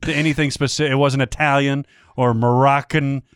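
A man co-hosting a casual music podcast, playful and chatty with quick asides. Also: mid-range voice, fairly even intonation, clean tone, no room sound, clean studio sound. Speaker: podcast co-host. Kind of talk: casual chat.

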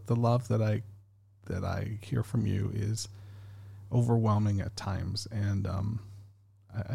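A man's voice: lowish voice, creaky, warm tone, breathy edge. A man hosting a podcast, rambling casually with many fillers and restarts. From Canada. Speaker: podcast host.

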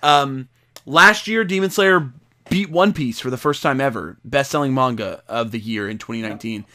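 A man co-hosting a casual podcast, excitable and quick to act out his own loud reactions. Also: mid-range voice. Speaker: podcast co-host.

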